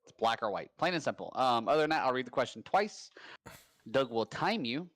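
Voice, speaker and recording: A man hosts a live trivia night from home, talking in a loose, rambling way and firing off quick bursts of hype. His voice sits at an ordinary pitch. The sound is dry and close, with little room echo. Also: expressive, a bit bright. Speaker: trivia host. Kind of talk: casual live-stream trivia hosting.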